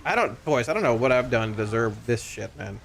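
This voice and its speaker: A man streaming a game live, talking casually to his viewers, excitable and stammering, often repeating himself. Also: mid-range voice, a little fast, vocal fry, a little hiss or hum.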